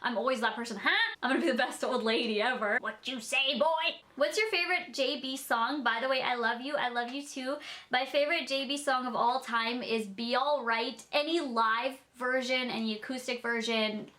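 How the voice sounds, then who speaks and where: A woman's voice: fairly high pitch, fairly quick, pushed and bright. A young woman in her twenties, chatting in a casual Q&A vlog, bubbly and full of "like.". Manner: bubbly, chatty, many "like" fillers. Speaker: beauty YouTuber.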